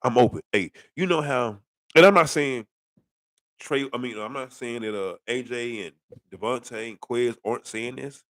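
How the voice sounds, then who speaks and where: A man's voice: mid-range voice, normal speed, fairly bright tone, no echo. A middle-aged man ranting bluntly about football in a rambling, casual way, full of rhetorical questions. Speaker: sports commentator. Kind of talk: casual sports rant.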